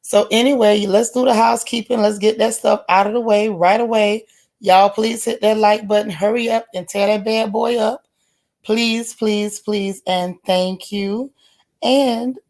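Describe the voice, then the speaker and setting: A woman hosting a casual livestream, chatty and folksy, greeting each viewer by name with pet nicknames. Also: mid-range voice. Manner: folksy, relaxed slang. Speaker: livestream host. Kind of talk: casual live-chat stream.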